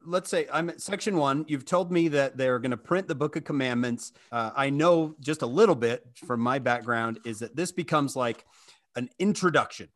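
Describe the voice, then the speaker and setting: A man's voice: mid-range voice, moderate pace. A man hosting a podcast, a scripture teacher who tells stories and acts out quoted lines. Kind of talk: podcast conversation.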